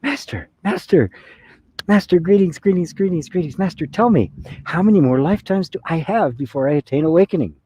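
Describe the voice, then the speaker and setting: A man voicing an excitable, slightly disheveled ordinary man who gushes in a high, breathless voice. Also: a little fast, slightly rough, dry recording. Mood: eager. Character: excitable disheveled regular guy, meditating, gushing.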